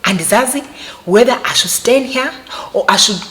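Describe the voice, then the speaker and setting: A woman's voice: fairly high pitch, moderate pace. A young woman with a South African accent telling a personal story to her viewers, emphatic and repetitive as she talks straight to them. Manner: animated, emphatic, repeats phrases, addresses viewers directly. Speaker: vlogger.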